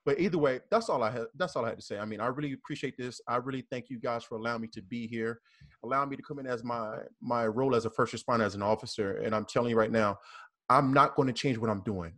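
A man's voice: medium pitch, quick pace, fairly bright tone. A man with a Southern US accent, a police officer speaking earnestly and with repetition as a guest in a casual panel discussion.

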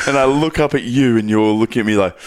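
A man's voice: mid-range voice, fast talker, a little hiss or hum. A young man co-hosting a podcast, blokey and swearing freely as he calls everyone mate. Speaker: podcast co-host. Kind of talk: casual chat.

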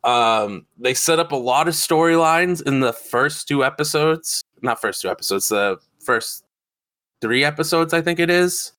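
Man, podcast co-host, excitable and foul-mouthed, crisp forward tone, dry close sound. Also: on the high side, unhurried, dry recording. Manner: excitable, swears freely, rambling. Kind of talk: casual chat.

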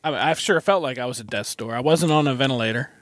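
A male guest in a van telling a story in a halting, casual way, chuckling now and then. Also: mid-range voice, fairly bright tone, no echo. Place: inside a parked van.

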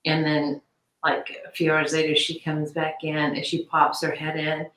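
Halting, lower-voiced woman in echoey room. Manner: halting, many restarts and fillers; animated when quoting others. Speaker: interview guest, victim's aunt. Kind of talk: conversational interview.

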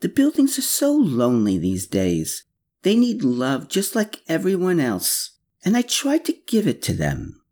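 A man's voice: a little high, huge pitch swings, a little slow, dark tone, voice pushed up, full character voice. Man doing a simple humble caretaker. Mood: earnest. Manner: plain, earnest, simple speech. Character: simple, humble, gentle-hearted male caretaker.

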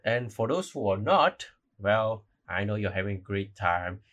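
A man's voice: fairly low pitch, lively intonation, a little slow, fairly bright tone. A young man hosting a casual solo podcast, rambling, apologizing and correcting himself as he goes. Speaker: podcast host.

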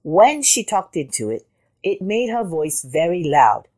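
A woman hosting a children's story channel, reading a storybook aloud with expressive sound words. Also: lowish voice, unhurried. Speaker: storyteller host.

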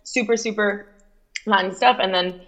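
A woman's voice: medium pitch, moderate pace, low-quality recording. A young woman with a Miami accent, a podcast guest telling stories animatedly and acting out other people's voices. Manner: animated storyteller who mimics voices. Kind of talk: casual podcast chat.

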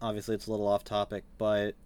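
A man's voice: lowish voice, monotone, fast, darkish tone, clean tone. A young man co-hosting a podcast, chatting casually in a matter-of-fact way. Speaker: podcast co-host. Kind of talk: casual chat.

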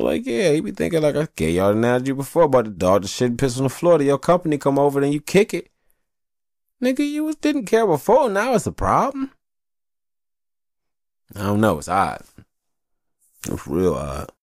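A man hosting a podcast alone, talking in a casual, rambling and profane monologue, telling stories in an animated way. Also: low voice, no room sound, clean studio sound. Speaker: podcast host.

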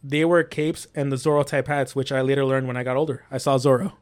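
A man's voice: medium pitch, steady tone, quick pace. A man hosting a casual podcast, reading paranormal accounts aloud with small slips and restarts.

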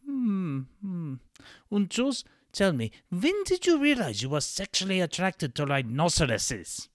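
A man's voice: high voice, very animated, a little slow, dry recording, pitched above the performer's own voice. Guy doing a cheesy fake-german shrink, pompous and creepy, voice swooping all over the place, dry sound. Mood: probing. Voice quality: terrible fake German accent. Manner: mixes German words into English. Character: quack male German therapist, pompous and leering.

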